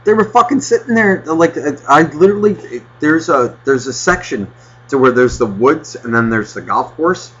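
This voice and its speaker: Husky man on a profane rant. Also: on the high side, animated, normal speed, fairly bright tone, muffled recording. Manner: profane, ranting storyteller. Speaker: podcast host. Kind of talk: casual chat.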